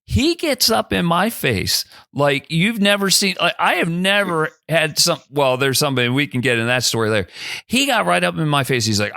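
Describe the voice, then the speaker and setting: A man in his fifties from the Philadelphia area spins a lively yarn as a podcast guest, jumping his voice up to play the people he quotes. His tone is bright and forward. The sound is close and dry. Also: moderate pace, creaky, dry recording. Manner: animated storyteller who acts out quoted lines with big pitch jumps. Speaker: guest, former college golfer and broadcaster. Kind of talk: casual storytelling in a podcast interview.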